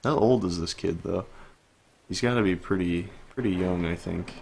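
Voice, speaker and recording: A man's voice: deep voice, moderate pace, creaky, a little mellow, slight background noise. A man streaming a story game, reading its dialogue aloud and adding laid-back asides. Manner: laid-back asides, voicing each character in turn. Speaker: gaming streamer.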